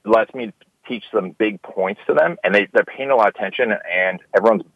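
Low-voiced man telling stories. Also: a little fast, vocal fry, no room sound. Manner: animated storyteller, acts out quoted dialogue. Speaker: guest, keynote speaker. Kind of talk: casual interview chat. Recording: dull lo-fi dry sound.

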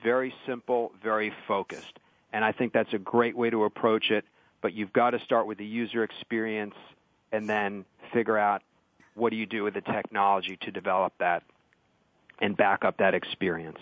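Measured man on a tinny phone line. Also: lowish voice, little pitch movement, no echo. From California. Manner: measured, explanatory. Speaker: guest panelist. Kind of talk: remote radio interview.

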